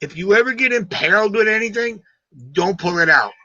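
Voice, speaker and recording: A brash American man hosts a casual live stream, his voice high and bright. He jokes loudly and swears freely. The audio is dry and a little dull. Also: brisk, no echo. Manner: loud, joking, profane banter.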